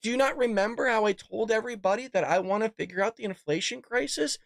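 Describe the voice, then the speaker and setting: A man's voice: high voice, fast talker, vocal fry, fairly bright tone, no room sound, studio quality. A man putting on a mocking impression of an indignant female politician. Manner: indignant, exasperated.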